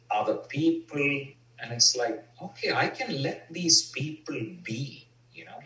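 A man's voice: medium pitch, pushed and bright, reverberant, recorded from a distance, rough recording. A man speaking earnestly and reflectively in a personal recovery share, with many fillers. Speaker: twelve-step member sharing.

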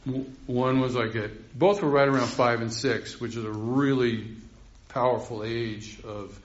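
A man's voice: mid-range voice, steady tone, unhurried. An older man rambling through a heartfelt recovery share, laughing often. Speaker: speaker sharing at a recovery meeting. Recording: roomy, dull recording.

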